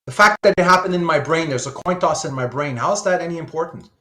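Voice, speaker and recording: Sketching diagrams during a live online philosophy lecture, this man thinks out loud and fires off rhetorical questions. His voice is a little high, fast, bright, and pushed.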